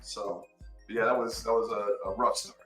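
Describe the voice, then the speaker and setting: A man guest on a podcast, casually recounting events and acting out quoted lines with sudden jumps in pitch. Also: moderate pace, echoey room, distant mic, soft background music, rough recording. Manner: animated, acts out quotes with big pitch jumps. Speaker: podcast guest, former contestant. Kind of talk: casual storytelling.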